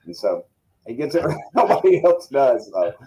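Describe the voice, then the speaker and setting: A man's voice: medium pitch, very animated, normal speed, mellow, rough recording. A man with a Tennessee accent, talking as a guest in a casual interview and telling folksy, rambling stories. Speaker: congressman guest.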